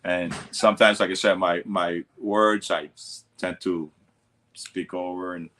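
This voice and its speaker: Man, Italian accent, lowish voice, rambling casual talk, filler-heavy. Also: steady tone, unhurried, a bit bright. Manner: rambling, laughs often, many fillers. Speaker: martial arts instructor. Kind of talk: casual interview chat.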